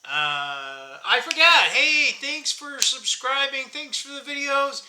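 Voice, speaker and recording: Very high-voiced and sharp in tone, this channel host in his early fifties talks slowly but with lively intonation. His casual vlog chat rambles and is full of self-mocking jokes and frequent laughter, set in an echoey room.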